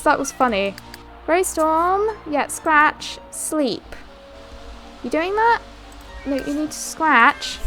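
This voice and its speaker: This let's-play clip features a young woman with a high, somewhat bright voice who runs a gaming channel. She keeps up casual commentary, laughing and talking directly to her game characters.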